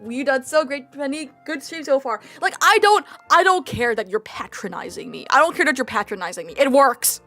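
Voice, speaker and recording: A woman's voice: sits high, lively intonation, brisk, hardly any pauses, bright, forceful tone, soft background music. A young woman streaming, chatting casually in a playful, rambling, self-mocking way. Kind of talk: casual live-stream chat.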